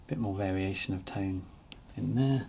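A man narrating a painting demonstration as he works, relaxed and thinking aloud. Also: low-pitched, normal speed, creaky, a little hiss or hum. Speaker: painting teacher.

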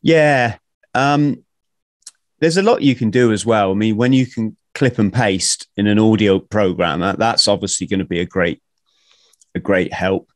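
A man with a fairly low voice hosts a podcast, talking in a chatty, jokey and informal way. His voice is recorded dry and close, with no room sound around it. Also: measured pace, no room sound. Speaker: podcast host. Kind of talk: casual conversation.

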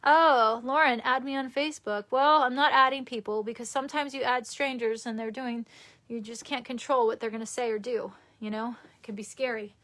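High-voiced chatty New York woman. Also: steady tone, a little fast, fairly bright tone. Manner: rambling and chatty, with many fillers and laughs. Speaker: livestreamer. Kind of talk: casual livestream chat reading comments.

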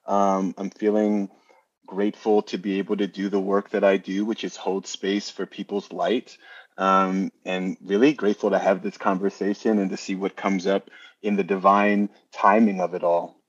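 A man from New Jersey with a New York accent, a podcast guest who talks calmly and earnestly with frequent ums. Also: sits low, normal speed, lo-fi sound. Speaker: podcast guest, astro-numerologist. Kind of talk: casual interview chat.

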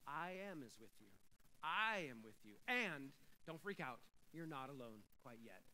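A male preacher voicing God in a hushed, low, gentle tone, offering comfort within a sermon. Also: lively intonation, unhurried, low-quality recording. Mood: gentle reassurance. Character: God speaking softly, comforting.

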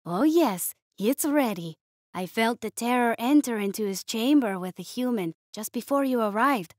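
A woman voicing a small, timid male mole-like creature who speaks in a gentle, careful voice. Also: a little high, expressive, normal speed, no room sound, studio quality. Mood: eager.

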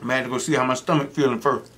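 A middle-aged man talks casually into the camera while he eats, drifting from one joking story to the next. His voice sits at an ordinary pitch, neither high nor low, and he keeps an easygoing, rambling flow. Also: fairly even intonation, very fast, background noise. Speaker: mukbang host. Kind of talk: casual chat while eating.

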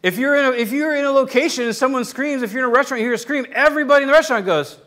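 A man preaching in an informal, conversational way, often pausing to check in with his congregation. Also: very high-pitched, sharp tone. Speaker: pastor. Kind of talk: conversational sermon.

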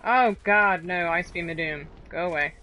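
A woman's voice: fairly low pitch, moderate pace, sharp tone, faint music behind. A woman streamer commenting live on her gameplay, exclaiming and laughing at the action, with sarcastic remarks. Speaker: streamer playing a video game.

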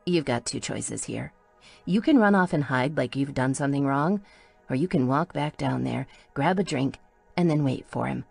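A woman's voice: extremely low pitch, lively intonation, moderate pace, creaky, darkish tone, slightly rough, faint music behind, exaggerated voice. A woman voicing a brash, foul-mouthed young woman from a trailer park, blunt and bossy. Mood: fierce.

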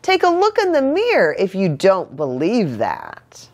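A woman's voice: mid-range voice, huge pitch swings, a little slow, heavily acted. A woman voicing a fussy, protective mother cat who speaks emphatically and dramatically while reading a storybook aloud. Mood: coaxing.

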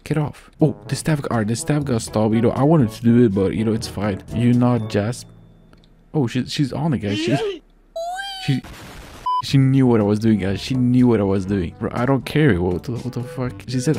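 A man giving rambling, casual gameplay commentary, full of slang and swearing. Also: medium pitch. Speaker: gaming video creator.

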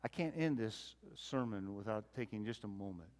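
A male pastor delivering a folksy sermon, swinging between loud emphasis and quiet asides, often repeating words as he thinks. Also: fairly low pitch, lively intonation, moderate pace. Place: church sanctuary.

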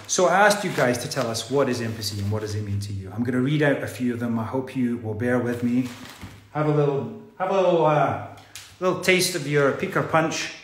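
A man's voice: mid-range voice, fairly quick, roomy sound. A man hosting an online gala, chatting playfully and reading out fan messages with joking asides. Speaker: gala host.

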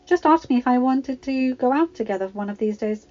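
A woman voicing a spirited, sharp-tongued teenage girl who sounds snappy and self-assured. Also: high-pitched, lively intonation, a little fast, voice pushed up. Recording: slightly dull home recording.

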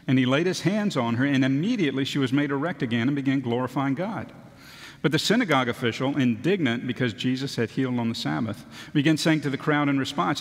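A man's voice: medium pitch, quick pace. Man preaching in a reverberant church. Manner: conversational preaching with self-deprecating humor. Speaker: pastor. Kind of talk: sermon. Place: church sanctuary. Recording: long church hall reverb.

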